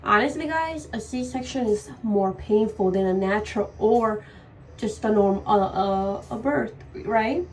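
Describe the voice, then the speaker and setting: A woman's voice: medium pitch, a little slow. A young woman telling her birth story in a casual, emotional vlog while doing her makeup, swearing now and then. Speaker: vlogger. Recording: voice a bit far from the mic, faint noise.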